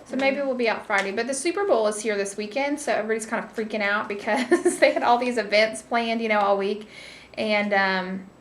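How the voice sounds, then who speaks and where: A woman's voice: fairly high pitch, fairly quick. A woman, co-hosting a diet vlog in casual chat, with many ums. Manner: chatty, with frequent ums. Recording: echoey room, faint noise.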